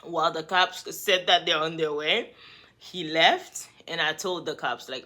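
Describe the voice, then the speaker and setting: A woman vlogger telling a story in a lively, conversational way, talking straight to the viewer. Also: deep voice, measured pace. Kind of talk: storytime vlog.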